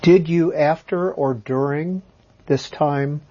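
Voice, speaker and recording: A man's voice: a little high, takes it slowly, warm tone, slight background noise. A man interviewing a guest with short, direct questions, heard on dull lo-fi audio.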